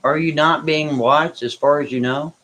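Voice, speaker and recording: A man's voice: a little high, fairly even intonation, normal speed, fairly bright tone, poor audio. A man hosting a live stream, answering viewers' comments in a blunt, brash, dismissive way. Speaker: livestream host reading chat. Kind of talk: casual live chat.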